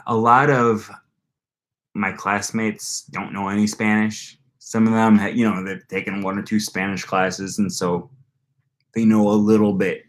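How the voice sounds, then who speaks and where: On his language-learning channel, a young adult host chats casually on a live stream in a lowish voice with little pitch movement and a measured pace. He reads viewer comments aloud and rambles, full of fillers and restarted sentences.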